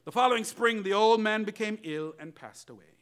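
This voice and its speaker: Male pastor, lively sermon storyteller, bright and forceful tone, pitch a bit high. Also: a little fast, clear, resonant tone. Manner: animated storytelling, addresses congregation.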